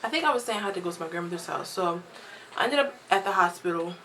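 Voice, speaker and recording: A young woman telling a casual storytime vlog at home, lively and chatty, acting out what others said. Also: lowish voice, quick pace, background noise. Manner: chatty, animated quoting of others, laughs often. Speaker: vlogger.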